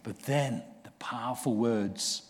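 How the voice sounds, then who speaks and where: Slow earnest male preacher in a hall. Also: medium pitch. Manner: slow and earnest, rising for emphasis. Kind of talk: sermon. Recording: long reverb of a large hall.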